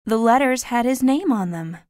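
A man voicing a gentle, sad mother in an audiobook reading, with a soft, tender manner. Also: very high-pitched, expressive, normal speed, dry recording, studio quality, voice pushed up.

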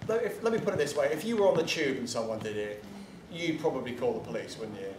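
A man's voice: mid-range voice, animated, quick pace, background noise. Blunt, chatty man in an echoey hall. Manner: chatty, blunt, digressive, swears casually. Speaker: convention panelist. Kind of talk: informal convention panel talk. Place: convention panel room. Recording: echoey room from far off, faint ambience.

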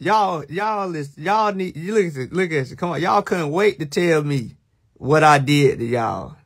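A young man with a drawl hosts a casual livestream, ribbing his viewers. His talk is unhurried and drawn out, and his voice sits a touch higher than most men's. He slips into bursts of mock alarm and easy teasing. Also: lively intonation, gravelly. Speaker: livestream host.

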